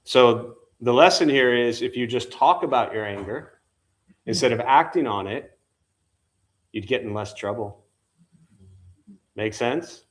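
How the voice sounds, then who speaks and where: A man's voice: medium pitch, expressive, unhurried, pauses often. A male meditation teacher giving an informal dharma talk, conversational, often asking his listeners questions. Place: temple meditation hall.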